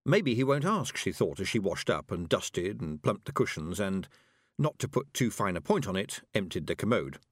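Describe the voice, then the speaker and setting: An audiobook narrator with a lowish voice reads a storybook aloud, giving the scripted narration plenty of expression. The studio-quality recording has no room sound.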